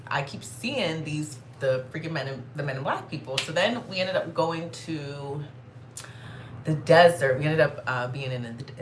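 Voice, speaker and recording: A woman vlogger telling a story in a casual, animated way, swearing and saying "like" constantly. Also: sits low, reverberant, slight background noise. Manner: animated, profane, heavy filler "like".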